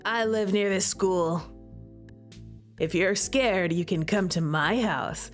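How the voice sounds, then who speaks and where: A woman voicing a flirty, joking male math teacher in a visual novel, speaking slowly in a teasing, low-key voice. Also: soft background music, close to an everyday voice. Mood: teasing, earnest.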